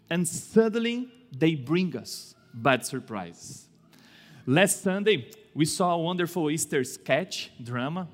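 A male pastor preaching a sermon in a church, slow and deliberate, with dramatic swings in pitch and loudness. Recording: echoey church hall.

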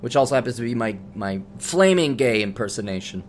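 A man's voice: mid-range voice, expressive, fairly quick, a little hiss or hum. A middle-aged man hosting a podcast, telling a rambling story in a casual monologue with many restarts. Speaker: podcast host.

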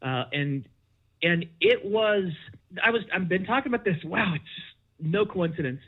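At normal speed and in phone-quality sound, a middle-aged man appearing as a podcast guest recounts something candid and personal. He animates the quoted exchanges, leaping widely in pitch as he voices each side.

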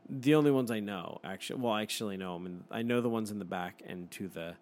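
A man's voice: on the low side, fast talker, a little mellow. A man in his thirties telling a story in casual chat, swearing freely and laughing often.

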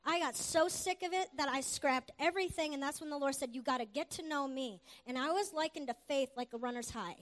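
A middle-aged woman preacher giving an earnest, animated sermon testimony. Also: high voice. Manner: earnest, animated, with quick asides and laughs.

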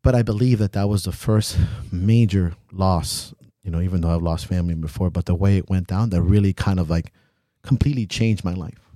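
A man's voice: low voice, brisk, few pauses, warm tone, dry recording, studio quality. A young man co-hosting a podcast, talking bluntly and emotionally, swearing freely. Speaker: podcast co-host. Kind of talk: candid podcast chat.

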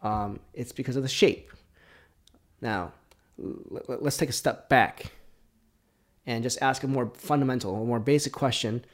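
A man's voice: mid-range voice, measured pace, long pauses. A man hosting his own podcast, chatting casually through a whiskey tasting, rambling and correcting himself, often dropping into muttered near-whispers. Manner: drops to near-whispers between louder bursts. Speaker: podcast host.

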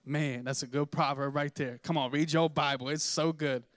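A young man preaching a sermon in a church, telling stories with animated acted-out voices and asking the congregation to respond. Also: a little high, normal speed, no room sound, clean studio sound. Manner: animated storytelling, acts out voices in anecdotes. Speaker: pastor. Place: church sanctuary.

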